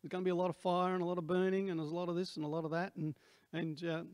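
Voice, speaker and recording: A man's voice: high voice, little pitch movement, rapid-fire, darkish tone, clear, resonant tone, no echo. A man in his sixties with an Australian accent, preaching a sermon in a rambling, conversational way with many asides. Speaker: pastor.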